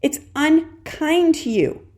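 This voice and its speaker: A woman's voice: high-pitched, expressive, slow. Chatty encouraging woman podcaster. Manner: warm encouraging, addresses listener as "dear warrior"; chatty with frequent "okay" and laughs. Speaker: podcast host and parenting coach. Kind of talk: solo podcast talk.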